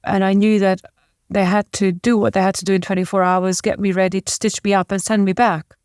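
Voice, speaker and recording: A woman from the former Yugoslavia, a guest in an interview, telling a personal story in a halting, emotional way with restarts. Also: mid-range voice, flat delivery, a little mellow, clean tone, dry recording, clean studio sound. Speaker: podcast guest.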